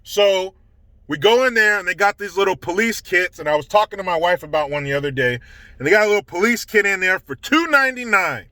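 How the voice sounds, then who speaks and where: A man's voice: high-pitched, expressive, a little fast, sharp tone, no echo. A man telling a casual story to camera, indignant and swearing heavily. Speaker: storytelling vlogger.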